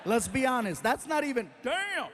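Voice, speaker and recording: A man performing energetic live stand-up comedy on an arena stage, telling animated stories and often shouting to the audience. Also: very high-pitched, moderate pace. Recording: live arena recording with loud crowd and noise. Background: cheering and laughing audience.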